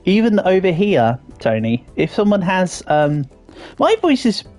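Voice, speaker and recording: An Englishman with a somewhat posh accent chats away on a livestream, his pitch bouncing up and down as he reacts to chat. He talks playfully and often trails off into ums before restarting a thought. Faint game music plays underneath. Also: sing-song, unhurried, darkish tone. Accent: English, fairly posh southern English. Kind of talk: casual livestream chat while gaming.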